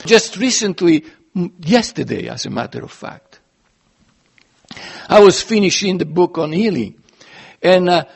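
A man preaches a sermon earnestly and emphatically, his loudness suddenly rising and dropping as he stresses points. His voice sits high and is expressive, a little slow, creaky and slightly rough, with long pauses.

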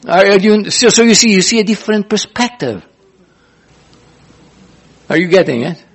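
A man's voice: high-pitched, lively intonation, moderate pace, husky. A man pastor teaching a sermon in an earnest, repetitive way, often restarting phrases.

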